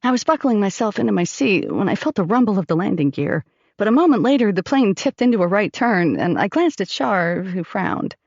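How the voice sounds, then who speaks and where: A woman narrating an audiobook in first person, expressive and storytelling. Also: medium pitch, brisk, no room sound, lo-fi sound.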